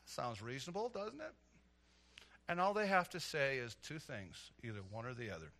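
Animated middle-aged male preacher, bright voice. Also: medium pitch, moderate pace, gravelly. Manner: animated storytelling, swelling to loud emphatic preaching. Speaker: pastor. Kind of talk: sermon.

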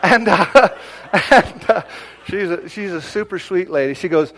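A middle-aged pastor preaching a sermon in a conversational way, dropping to near whispers and rising to loud exclamations. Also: male voice, sits high, very animated, normal speed.

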